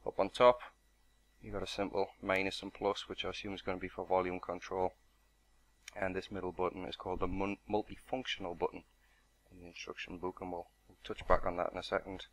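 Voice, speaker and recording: A man's voice: low voice, a bit bright. A man narrating an unboxing and product walkthrough in a matter-of-fact, explanatory way. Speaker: product reviewer.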